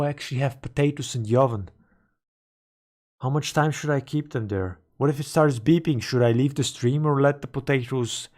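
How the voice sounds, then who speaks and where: A man streaming a game, rambling and joking as he talks to his chat and reads comments. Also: a little high. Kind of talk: casual live-stream chat.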